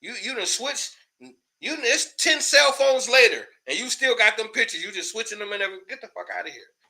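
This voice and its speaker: A man's voice: high-pitched, expressive, fairly quick, sharp tone. A man hosting a casual commentary show, ranting in a loose, profane way, laughing often and repeating words when worked up.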